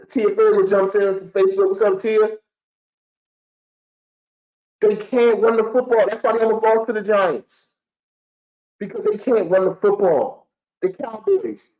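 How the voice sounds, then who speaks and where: Young man, streaming fan-show host, heated repetitive rant, fairly high voice. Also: darkish tone, rough recording. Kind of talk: live-streamed fan sports commentary.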